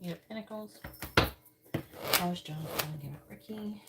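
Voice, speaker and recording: A woman's voice: fairly low pitch, unhurried. Blunt, foul-mouthed woman reading tarot. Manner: blunt, profane, sounds angry. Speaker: tarot reader. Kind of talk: live-stream tarot reading. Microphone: earbuds. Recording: loud background noise.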